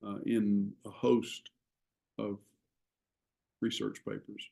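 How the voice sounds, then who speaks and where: Man, classroom lecture, slow deliberate delivery, mellow dark voice. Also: on the low side, fairly even intonation, creaky. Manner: slow, measured explaining with pauses. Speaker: teacher.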